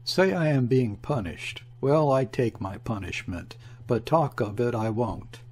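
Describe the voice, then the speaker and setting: Man voicing a curt, gruff ship's mate for a storybook, husky-voiced, defiant. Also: mid-range voice, expressive, measured pace, a little mellow.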